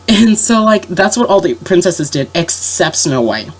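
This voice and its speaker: A woman's voice: on the low side, sing-song, unhurried, few pauses. A young woman with a sick voice telling a story in a rambling, casual way, full of fillers and restarts. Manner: rambling, lots of fillers and self-corrections. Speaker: vlogger.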